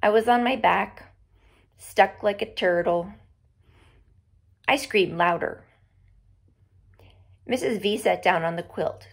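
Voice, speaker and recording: A woman reading a novel aloud to her students, slow and expressive, dropping to a whisper at times. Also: medium pitch, vocal fry, husky. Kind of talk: storybook read-aloud.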